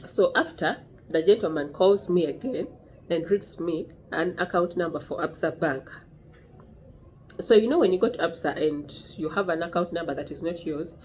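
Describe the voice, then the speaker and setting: Young woman vlogging, lowish voice, acts out the convo, faint room sound behind. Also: slight background noise. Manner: animated, acts out dialogue with shifting voices. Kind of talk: casual storytelling to camera.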